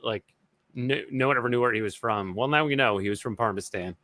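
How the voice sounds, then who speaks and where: A man's voice: mid-range voice, quick pace, sharp tone. A man hosting a casual movie-review podcast, joking and laughing often.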